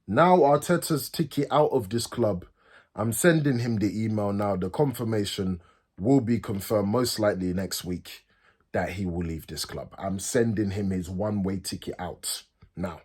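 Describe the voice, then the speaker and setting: A man, a football fan host, ranting furiously, swearing and repeating himself, his voice swinging from high outbursts to low mutters. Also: normal speed, breathy edge. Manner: pitch swings from loud highs to low mutters. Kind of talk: angry fan rant.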